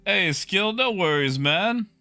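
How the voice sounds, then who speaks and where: A young man casually chatting with his stream viewers, relaxed and talkative, greeting people by name. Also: high voice, slow, smooth, dry recording, faint music behind. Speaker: livestreamer.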